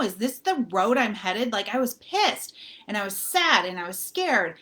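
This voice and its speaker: A woman's voice: on the high side, big pitch swings, normal speed, a bit bright. A woman hosting a live video, talking casually and chattily to her viewers, rambling a little and calling them "you guys". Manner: rambling, full of fillers and restarts. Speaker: motivational author and group host.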